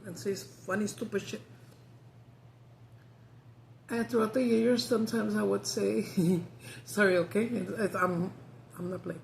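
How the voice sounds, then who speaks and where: Chatty woman vlogger, gravelly mid voice, casual and profane. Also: medium pitch, a little mellow, slight background noise. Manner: chatty, swears freely, laughs often. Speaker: mukbang vlogger. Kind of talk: casual chat.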